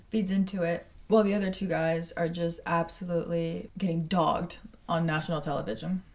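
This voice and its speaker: A woman in her twenties talks through a film reaction in a casual, animated way, blunt and swearing freely. Her voice sits at an ordinary pitch. She sounds a little distant from the microphone. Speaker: movie reaction creator. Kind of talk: casual movie reaction commentary.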